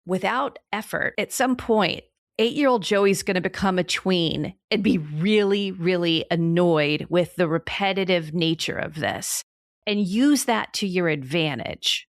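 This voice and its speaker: A woman's voice: lowish voice, measured pace, no echo. Woman co-host asking questions, dry mic. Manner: asks questions, brief affirmations. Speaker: podcast co-host. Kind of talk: conversational podcast.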